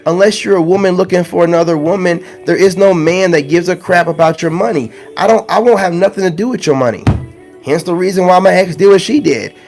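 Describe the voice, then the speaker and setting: A blunt, preachy man lectures his viewers in a slangy, conversational rant. His voice sits a little high for a man. He hammers points home by repeating them, and faint music plays underneath. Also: a little mellow. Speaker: spiritual self-help vlogger. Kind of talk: ranting monologue to viewers.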